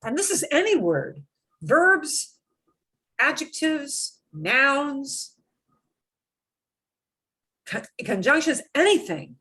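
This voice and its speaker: Slow-talking woman teaching a lesson. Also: high-pitched, very animated, pushed and bright. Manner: explains patiently, with repetition and emphatic examples. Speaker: Spanish teacher. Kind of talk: online language lesson.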